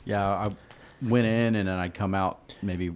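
A man's voice: on the low side, fairly even intonation, measured pace, smooth. A man in his forties, a podcast producer, speaking in laid-back casual chat. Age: 40s.

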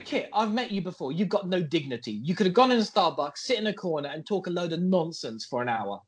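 A man's voice: high voice, sing-song, quick pace, slight background noise. A man co-hosting a comedy podcast in a put-on American accent, mock-serious and exaggerated. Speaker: podcast co-host.

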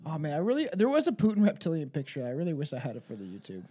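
A man's voice: on the high side, wildly swooping pitch, very fast, warm tone, slightly rough. A man co-hosting a podcast in casual chat, sometimes reading a script aloud, giggly and profane. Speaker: podcast co-host.

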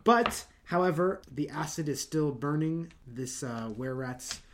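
A man's voice: on the high side, a little hiss or hum. Casual man running a tabletop game. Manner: casual, quick asides and rule checks. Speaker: dungeon master.

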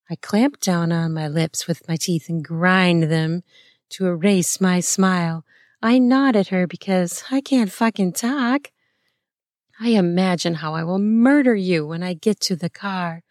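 A woman reading an intimate first-person erotic story in a breathy, playful way, with soft laughs and gasps. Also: lowish voice, measured pace, dry recording, clean studio sound.

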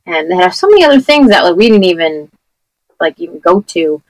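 A woman's voice: lowish voice, very animated, brisk, no room sound, rough recording. Chatty woman with a tired voice. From New Jersey. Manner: rambling, chatty storytelling with fillers. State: losing her voice. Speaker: podcast co-host. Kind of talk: casual chat.

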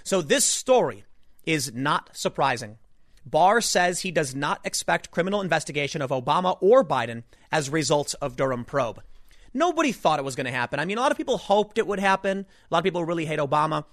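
A man hosting a solo political commentary show, talking in an animated, emphatic way with rhetorical asides. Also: fairly high pitch, brisk, no room sound, clean studio sound.

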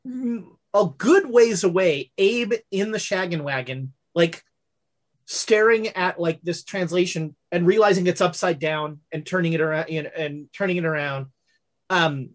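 A woman's voice: fairly low pitch, measured pace. A woman narrating as game master of a tabletop game, rambling with fillers and corrections.

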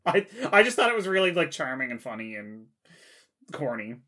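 A woman's voice: very deep voice, sing-song, moderate pace, a bit bright. A woman co-hosting a podcast, talking casually with lots of fillers and bursts of laughter. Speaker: podcast co-host. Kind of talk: casual chat.

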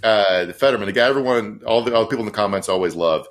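A man's voice: fairly low pitch, racing. A man co-hosting a podcast, giving casual, profane and sarcastic political commentary. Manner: profane, sarcastic, rambling with fillers. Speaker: podcast co-host.

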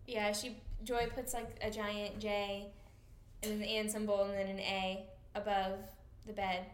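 A woman co-hosting a podcast in casual chat, agreeable and quick to laugh. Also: medium pitch, little pitch movement, reverberant. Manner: agreeable, laughs often, short replies. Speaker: podcast co-host.

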